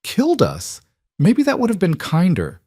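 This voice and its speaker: Performing the part of a trapped young bride confronting her mother, a man lets her bitter, pleading voice climb with raw anger. He uses a natural, slightly mellow mid-range voice at normal speed with lively intonation, recorded in a studio with no echo.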